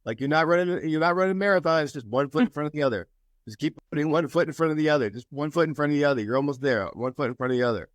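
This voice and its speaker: A man's voice: on the high side, very fast, no room sound. Man telling a story on a group call. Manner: storytelling, animated when quoting others. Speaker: mastermind group member.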